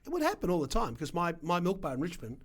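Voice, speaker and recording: A middle-aged Australian man with an Australian accent, a guest telling his story in an animated, emphatic way with punchy asides. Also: high voice, fast, slightly rough. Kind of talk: casual storytelling interview.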